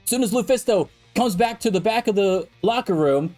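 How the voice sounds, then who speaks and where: A man's voice: high voice, animated, a little fast, hardly any pauses, darkish tone, soft background music. A man co-hosting a podcast, ranting in a heated, profane and emphatic debate. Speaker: podcast co-host.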